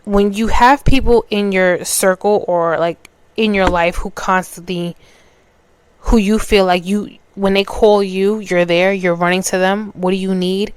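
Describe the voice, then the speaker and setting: Speaking at a measured pace with a steady, medium-pitched voice, a podcaster from New York shares something personal. Her tone is clear and resonant on a dry recording, and her delivery is casual: she breaks off and restarts sentences and performs the quoted dialogue.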